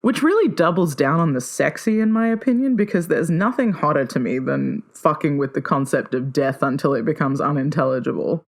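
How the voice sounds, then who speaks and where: A woman hosting her own podcast, talking solo in a playful, enthusiastic way and often jumping up in pitch with excitement. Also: brisk, few pauses. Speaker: podcast host.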